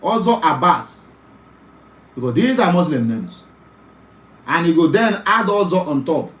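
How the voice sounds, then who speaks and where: A man's voice: fairly high pitch, big pitch swings, moderate pace, fairly bright tone, reverberant. A middle-aged man with a Nigerian accent, delivering an impassioned, pleading commentary monologue as an online talk show host. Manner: pleading, urgent, repetitive.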